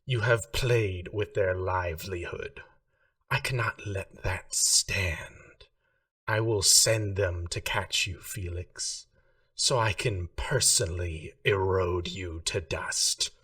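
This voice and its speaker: A man voicing a cold, menacing goddess of the sands, speaking with a slow, hissing voice, heard from a distance. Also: low voice, pushed and bright, dry recording, full character voice. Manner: slow, drawn-out threats.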